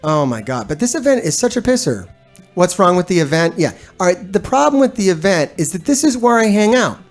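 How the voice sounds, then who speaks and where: A male streamer talks straight to his live chat in a loose, rambling rant. He swears freely and sounds fed up, laughing now and then as he restarts his sentences. Soft music plays faintly underneath. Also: high voice, big pitch swings, brisk. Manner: profane, blunt and exasperated, with frequent laughs. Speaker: gaming streamer and video host. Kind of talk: casual ranting commentary to a live chat.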